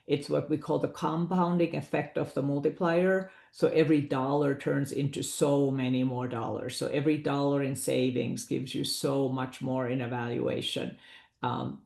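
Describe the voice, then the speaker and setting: A woman's voice: very deep voice, gravelly, warm tone, roomy sound. A woman presenting a business valuation webinar, explaining figures in a conversational way with asides to her audience.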